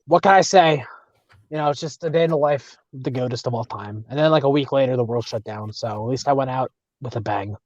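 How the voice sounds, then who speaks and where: A man's voice: mid-range voice, brisk, a little mellow, no echo, lo-fi sound. A man, a wrestler guest on a call, bragging about himself and joking in a casual chat. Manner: cocky, boastful, joking persona. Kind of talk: casual video call interview. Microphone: phone with headphones.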